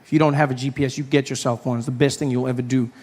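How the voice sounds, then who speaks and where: A man's voice: mid-range voice, flat delivery, very fast, a little mellow. A man doing a stand-up routine on a comedy club stage, playful and riffing with the crowd. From South Africa. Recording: live club, long reverb, faint crowd noise.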